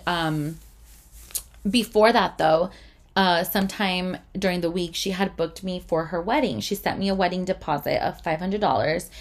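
A young woman in casual storytime talk, chatty and full of swearing and "like". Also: lowish voice. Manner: chatty, swears a lot, uses "like" often. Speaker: vlogger.

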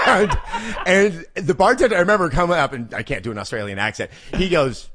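A man in his forties talking as a podcast guest in casual chat, an animated storyteller who stammers and repeats words. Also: fairly high pitch, brisk, noisy background.

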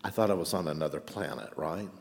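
A man's voice: low voice, fast, creaky, big-room sound, slight background noise. A man preaching a sermon as pastor, telling a story in a chatty way and often asking for an amen. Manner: chatty, asks for amens and "right?".

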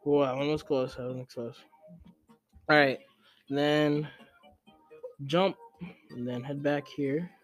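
A young man giving casual gameplay commentary, chatty and excitable, who scolds the game character in sudden yelps. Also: fairly high pitch, takes it slowly, long pauses, no echo, clean studio sound, soft background music. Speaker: let's play gamer.

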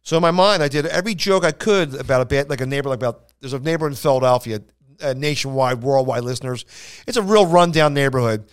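A man's voice: medium pitch, fast talker, clear, resonant tone. A man who is a comedian telling rambling anecdotes on a casual podcast, full of restarts and acted-out quotes. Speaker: stand-up comedian and podcast co-host. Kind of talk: casual storytelling chat.

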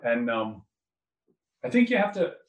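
Man, doctor, mid-pitched, rambling conversational delivery, echoey and off-mic. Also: big pitch swings, a little slow, distant mic. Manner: rambling, restarts often. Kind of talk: casual political conversation.

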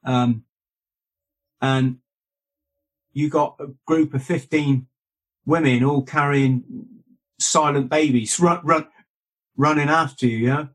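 A man's voice: a little high, fairly even intonation, slow, pauses often. A man, a guest and author, telling rambling stories full of asides and self-corrections. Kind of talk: rambling anecdotal storytelling.

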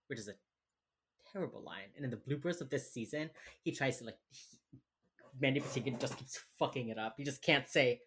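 A woman's voice: a bass voice, brisk, a little hiss or hum. A woman co-hosting a podcast, casually recapping a TV episode and animatedly acting out the characters' lines. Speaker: podcast co-host.

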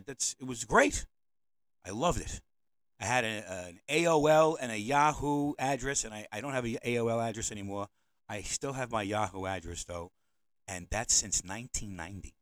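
A man's voice: medium pitch, a bit bright, dry recording, rough recording. Rambling, provocative podcast man. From United States. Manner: rambling, provocative, repeats himself. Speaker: podcast host. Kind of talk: opinionated monologue podcast. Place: indoors, seated at home.

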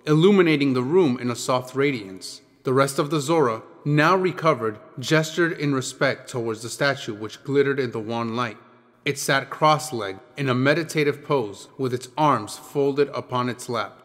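A man reading an audiobook in a measured, descriptive storytelling manner. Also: medium pitch, fairly bright tone. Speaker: audiobook narrator. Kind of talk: scripted audiobook narration. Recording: long reverb with background music.

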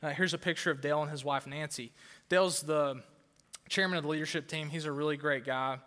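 A man's voice: fairly high pitch, steady tone, brisk, sharp tone. A male pastor preaching a fired-up sermon to a crowd in a church auditorium, often repeating words for emphasis. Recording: long hall reverb.

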